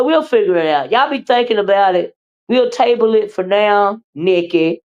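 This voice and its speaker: A woman hosting a livestream, reading viewer comments and chatting with them in an animated, teasing way. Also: lowish voice. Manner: animated, teasing, with repeated "uh-uh" and laughter. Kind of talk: casual chat with viewers.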